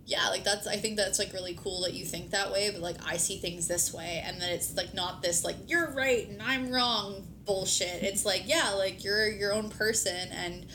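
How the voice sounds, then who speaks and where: She hosts a podcast and chats casually with her partner at a moderate pace, in a level tone, barely pausing. "Like" fills her speech, and she swears every so often. A low rumble runs through the noisy recording.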